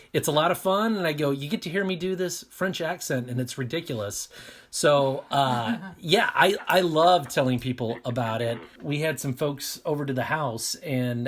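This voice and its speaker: A man in his thirties chats casually as a podcast cast member. He sounds upbeat and keeps pausing and restarting as he speaks. His voice sits at a middle pitch. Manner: hesitant with many fillers and restarts, upbeat. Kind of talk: casual chat.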